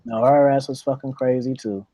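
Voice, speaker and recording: A man's voice: medium pitch, fairly even intonation, normal speed, dark tone. A man in casual chat, telling a long rambling story with lots of profanity and repeated words.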